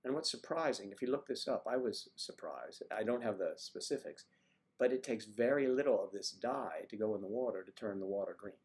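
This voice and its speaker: A man's voice: lowish voice, expressive, brisk, a little mellow. A man hosting a livestream, chatting casually and rambling as he answers viewer comments. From United States. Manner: rambling, chatty, wandering between topics. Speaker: livestream host.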